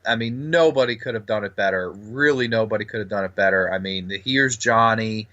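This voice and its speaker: An enthusiastic man co-hosts a casual movie podcast and often acts out lines. His voice is bright and forward. The audio is dull and lo-fi. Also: on the low side, fast. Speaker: podcast co-host.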